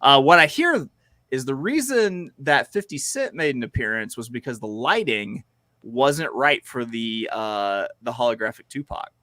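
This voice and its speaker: A man co-hosting a podcast, talking casually with animated emphasis. His voice has a bright edge and sounds dry and close on the mic. He often breaks off with fillers and restarts before pushing on. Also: medium pitch, a little slow, no room sound. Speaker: podcast co-host. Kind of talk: casual chat.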